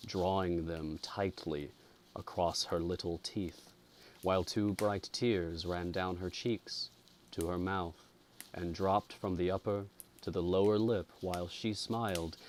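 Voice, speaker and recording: A male storyteller reading a ghost story in a slow, deliberate, atmospheric way. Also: low voice, slight background noise. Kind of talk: scripted narration of a ghost story.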